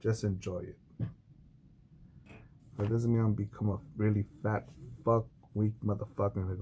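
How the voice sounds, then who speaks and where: A man's voice: on the low side, level tone, moderate pace, pauses often, dark tone, a little hiss or hum. A man ranting to camera in a blunt, sarcastic and heavily profane way. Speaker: art video creator.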